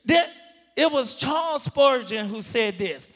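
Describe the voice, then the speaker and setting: A man preaching a sermon, drawing words out for emphasis and building up to shouts. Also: very high voice, lively intonation, unhurried, long reverb tail.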